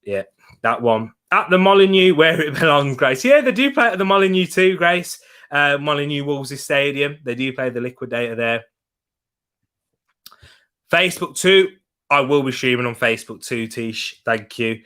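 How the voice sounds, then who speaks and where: A young man chats through a live football stream, answering his viewers in an easy, laughing manner. His voice sits a touch high, with a bright, forceful edge. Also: expressive, normal speed, clean tone. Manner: chatty and upbeat, laughs often. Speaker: football watch-along streamer. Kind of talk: live football watch-along chat, reading viewer comments.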